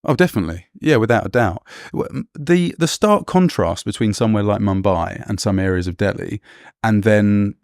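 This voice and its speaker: A man's voice: on the low side, moderate pace, darkish tone, no echo, clean studio sound. A young man co-hosting a travel podcast, telling anecdotes and laughing often. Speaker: podcast co-host. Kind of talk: casual chat.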